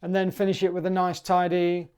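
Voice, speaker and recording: Chatty British clarinet teacher, mellow tone. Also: male voice, high voice, completely flat delivery, a little fast, smooth. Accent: British English. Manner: chatty, sings rhythms in syllables. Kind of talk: relaxed music tutorial.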